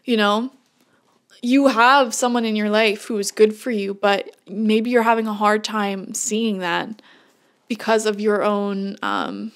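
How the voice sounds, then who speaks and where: A woman's voice: mid-range voice, takes it slowly. A woman giving a casual tarot reading to camera, talking earnestly and bluntly, with frequent laughs. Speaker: tarot reader.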